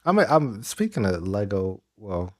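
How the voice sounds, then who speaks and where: A man co-hosting a podcast chats casually about wrestling in a lowish voice with big pitch swings and a measured pace. He rambles, with many restarts and fillers.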